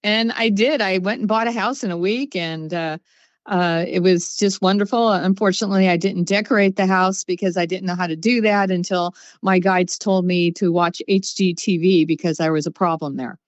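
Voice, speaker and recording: An upbeat woman guest tells stories in a relaxed chat and laughs now and then. Her voice comes through slightly dull and lo-fi, and the recording is dry. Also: fairly low pitch, normal speed, dry recording. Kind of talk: casual storytelling.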